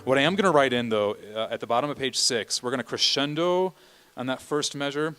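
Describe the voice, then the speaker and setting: A man's voice: medium pitch, lively intonation, fairly quick, a bit bright, clear, resonant tone, soft background music, low-quality recording. A man directing a choir rehearsal, counting beats and singing bits of phrases as he coaches the singers. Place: church rehearsal room.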